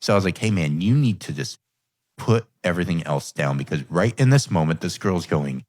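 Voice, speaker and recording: Low-voiced, earnest male podcast host. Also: expressive, fairly quick, a little mellow, no echo, clean studio sound. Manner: candid, reflective, quotes his own thoughts. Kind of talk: earnest conversational storytelling.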